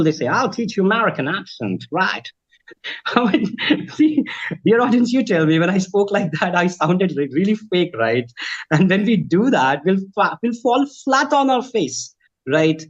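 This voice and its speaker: A man's voice: on the high side, dull audio. A man with a Bhojpuri mother tongue, a trainer answering interview questions earnestly, politely adding "ma'am" as he gives advice. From India. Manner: earnest, advising, keeps saying ma'am and right. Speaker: accent trainer and guest.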